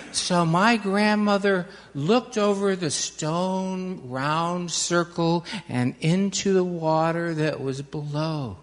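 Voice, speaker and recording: Unhurried children's-message storyteller, long reverb in a large sanctuary. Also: medium pitch. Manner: slow, questioning the children, dramatic pauses.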